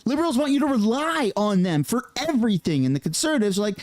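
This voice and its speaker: A man hosting a casual political commentary rant, swearing and mocking other people with quick impressions. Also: very high-pitched, very animated, darkish tone, no room sound.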